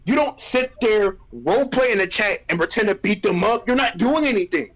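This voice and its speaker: A man streaming, ranting in casual chat, animated and exasperated, roasting people with repeated phrases. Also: high-pitched, fairly quick, poor audio.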